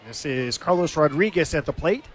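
A man calling a baseball game live, in a steady and conversational manner. His voice sits a little higher than most men's and rises briefly when the action comes. Faint outdoor ambience hums behind him. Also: normal speed, slight background noise. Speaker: play-by-play announcer. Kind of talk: live baseball radio commentary.

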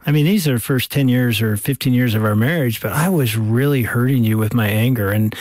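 A man's voice: mid-range voice, fairly quick, darkish tone, no echo. An older man co-hosting a radio talk show, speaking earnestly and heartfelt. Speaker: radio co-host. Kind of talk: reflective studio conversation.

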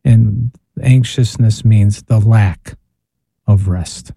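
Earnest priest with a mellow voice. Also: male voice, fairly low pitch, very slow, creaky, husky, dry recording. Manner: earnest, preachy, with rhetorical questions. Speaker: priest and spiritual director guest. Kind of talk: radio talk reflection. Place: radio studio.

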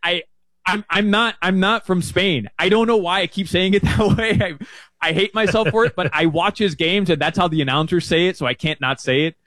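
A man breaks down soccer picks in a loose, conversational way, his voice leaping higher whenever he gets worked up. He sits close to the microphone in a dry, deadened space with no room sound. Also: a little fast, no room sound. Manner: chatty, gets excited and jumps up in pitch. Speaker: soccer betting analyst. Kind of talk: casual sports betting chat.

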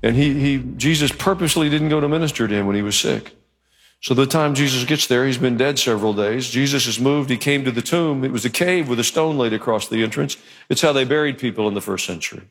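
A man's voice: medium pitch, quick pace. A male pastor preaching a sermon in church, in a conversational, joking manner. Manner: conversational and joking, acts out quotes.

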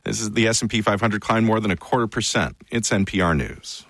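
A man delivers radio news headlines in a crisp, brisk way. His voice sits a little low. The studio sound is dry and close. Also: a bit bright, no echo. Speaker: newscaster. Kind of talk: news bulletin reading. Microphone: studio microphone.

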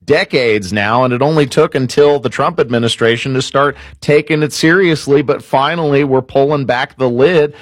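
A man's voice: medium pitch, moderate pace, hardly any pauses, no echo. A man hosting a talk radio show, giving opinionated, sarcastic commentary.

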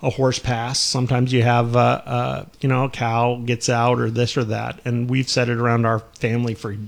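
Man, host, casual family chat, animated storyteller, quick asides, asks for confirmation. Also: mid-range voice, gravelly. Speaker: host interviewing his mother.

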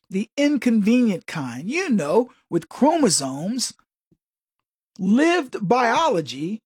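A man's voice: high voice, breathy edge, dry recording, clean studio sound. A man delivering a sarcastic, folksy political commentary monologue full of joking asides.

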